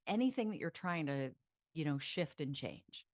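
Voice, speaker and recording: Woman, self-help coach, deep voice, lively chatty delivery, dry close sound. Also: moderate pace, dry recording. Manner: animated and chatty, laughs often, leads mantras aloud. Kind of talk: motivational self-help teaching to camera.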